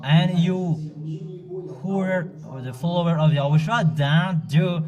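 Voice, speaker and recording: A man preaching a sermon and scolding his listeners directly, in a halting way with frequent pauses and restarts. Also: a little high, crowd noise. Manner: admonishing the congregation directly.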